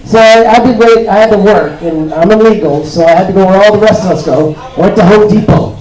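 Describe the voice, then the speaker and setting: A man from Toronto performing a stand-up comedy set, telling stories deadpan and acting out the other people's voices. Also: sits high, a little fast, crowd noise. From Toronto, Canada. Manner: deadpan storytelling with acted-out voices. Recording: roomy club sound, mic heard from a distance. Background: audience laughter.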